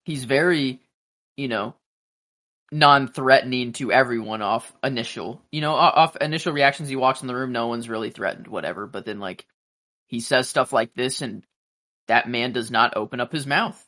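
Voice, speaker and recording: Male podcast co-host, casual chat, bright voice, halting and rambly delivery. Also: mid-range voice. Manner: rambling, halting, full of fillers and restarts. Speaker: podcast co-host reacting to a TV episode.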